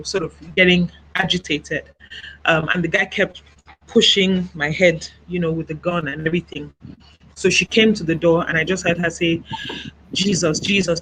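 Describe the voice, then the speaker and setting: A woman from Nigeria, interviewed over a video call, recounts her own experience in a soft, halting way. She often stops to gather her words and leans on small fillers. Her voice is bright and slightly tense. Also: fairly low pitch, slight background noise, poor audio. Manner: soft-spoken, halting, reflective, many "you know" fillers. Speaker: interview guest.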